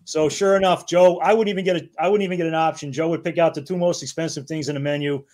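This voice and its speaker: A man's voice: a little high, fairly even intonation, fast talker, darkish tone. Chatty fifties man telling stories. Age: 50s. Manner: rambling storyteller, laughs often, swears casually. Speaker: guest, battalion chief. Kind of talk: casual anecdote-telling.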